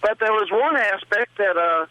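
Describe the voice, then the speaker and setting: Male caller, higher bright voice, rambles, dry sound. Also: lively intonation, moderate pace, no echo, poor audio. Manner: rambling, repeats himself. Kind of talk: phone-in chat.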